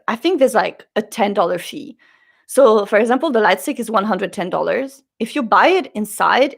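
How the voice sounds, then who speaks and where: A woman vlogger telling a story in a chatty, animated way, acting out the people she quotes. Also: mid-range voice, gravelly.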